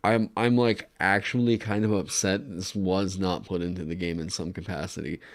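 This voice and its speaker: Excitable man chatting on a stream. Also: low voice, moderate pace. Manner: excitable, laughing, swears freely. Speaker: streamer designing game content. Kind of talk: casual livestream chat.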